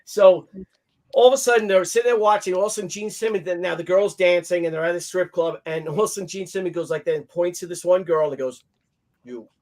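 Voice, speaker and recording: High-voiced man telling a wild story. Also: fast. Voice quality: animated, acts out quotes in other voices. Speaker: podcast guest telling an anecdote. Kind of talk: casual storytelling, profane. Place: hotel stories; recorded on a video call show.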